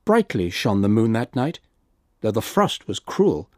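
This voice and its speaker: A man reading a story aloud in a measured storytelling manner, lightly voicing the characters. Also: on the low side, very animated, a little mellow, no room sound, clean studio sound. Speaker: reader.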